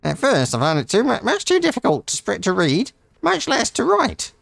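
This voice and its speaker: A man voicing a cursed male wanderer from a game, with a strained, high put-on voice and a wobbly made-up accent. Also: huge pitch swings, moderate pace, vocal fry, a bit bright, no echo, heavily acted. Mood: earnest.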